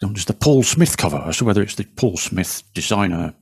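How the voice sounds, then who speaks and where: Low husky British man, wry co-host. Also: lively intonation. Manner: dry, wry asides, halting starts. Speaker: podcast co-host. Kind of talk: casual chat.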